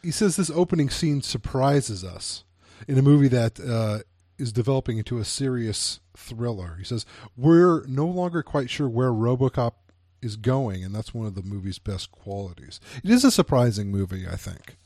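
A man co-hosts a casual film review chat, reading quoted passages aloud between his own halting asides. His voice sits at an ordinary middle pitch. The recording is close and dry, with no room sound. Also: animated, warm tone, no echo. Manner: reads quotes aloud, hesitant restarts. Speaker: podcast co-host.

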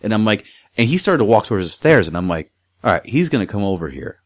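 A man telling a crude story in casual chat, swearing a lot and acting out quotes loudly. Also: on the low side, big pitch swings, quick pace, dry recording, clean studio sound.

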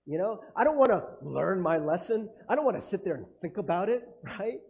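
A man with a high, mellow voice preaches a casual, chatty sermon, slipping into quoted voices as he talks. The sound is dull and lo-fi, like a church recording. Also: animated, fairly quick, creaky. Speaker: pastor. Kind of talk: conversational sermon.

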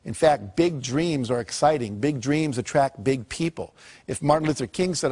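Male seminar speaker, mid-pitched, storytelling, emphatic, asks the audience rhetorical questions. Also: fairly quick, darkish tone. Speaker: motivational speaker. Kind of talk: seminar talk to a live audience.

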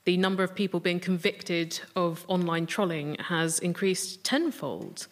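A woman's voice: on the low side, a little slow. A woman panellist on a comedy news quiz, chatting wryly with jokey asides. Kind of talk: comic panel banter.

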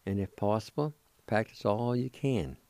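A man with a Cherokee accent teaching vocabulary on a radio show, spelling and pronouncing each word slowly and deliberately, syllable by syllable. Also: lowish voice, animated, a little mellow, no echo. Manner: slow, deliberate, drawn-out syllables. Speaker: language teacher.

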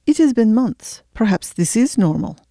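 A woman's voice: on the high side, very animated, moderate pace, warm tone, dry recording, studio quality, voice pushed up. A woman voicing a blunt woman of nearly eighty with a clipped Flemish accent, a former boss who speaks directly. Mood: probing.

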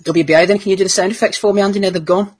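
A man hosting a casual podcast, briskly moving the talk along and wrapping up the episode. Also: sits high, fairly even intonation, a little hiss or hum. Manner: brisk, organized, moves the show along. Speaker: podcast host. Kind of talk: casual chat, wrapping up the show.

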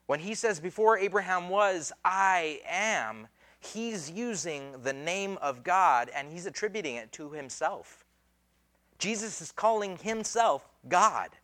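A man's voice: high-pitched, animated, slow pace, a bit bright. A man preaching a sermon as pastor, in a casual, conversational way with slang and acted-out quotes.

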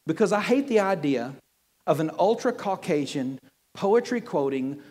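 A pastor preaches a sermon to his congregation in a church hall, joking animatedly and often stumbling over and repeating words. His voice is high for a man, and a long hall reverb carries the sound.

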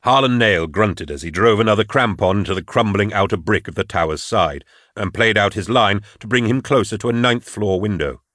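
Low-voiced male audiobook narrator. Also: a little fast, fairly bright tone, dry recording, clean studio sound. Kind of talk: scripted narration.

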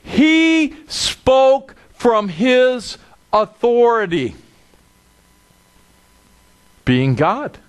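A male pastor preaching a sermon with emphatic, dramatic delivery. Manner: animated, emphatic, dramatic drops to a low voice.

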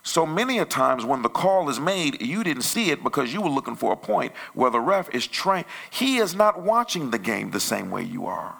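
A male pastor telling a story in a conversational sermon that grows loud and animated. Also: mid-range voice, normal speed, creaky, hardly any pauses. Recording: church sermon audio.

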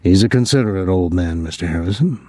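A man's voice: low-pitched, lively intonation, fast talker, dark tone, no echo. A male reader voicing a bitter, aging baker father in an audiobook, talking in a dry, darkly blunt way. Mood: brooding. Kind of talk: audiobook character reading.

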